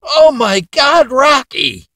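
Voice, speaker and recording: An exasperated father shouts out at the table, as a man puts him on. His voice jumps high and loud, stretched out in disbelief. The sound is dry and close. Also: sing-song, slow, dry recording, heavily acted. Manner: shouts out the dog's name. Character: exasperated middle-aged father at dinner.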